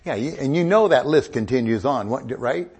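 A man's voice: medium pitch, lively intonation, normal speed, darkish tone, slightly rough. A middle-aged male pastor preaching a sermon, joking with the congregation and rising into emphatic bursts.

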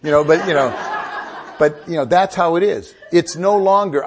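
A middle-aged man preaches with a husky, slightly breathy voice. He swings from quiet asides into loud, emphatic bursts and keeps the room laughing along with him. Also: a little high, normal speed. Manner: animated, joking preacher with rising emphatic bursts. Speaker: pastor. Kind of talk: sermon.

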